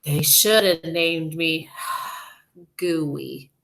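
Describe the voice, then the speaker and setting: A woman voicing a small, gentle, polite male porcupine in a storybook reading, in a soft, raised voice. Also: medium pitch, wildly swooping pitch, takes it slowly, voice pushed up, full character voice, low-quality recording. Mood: wistful.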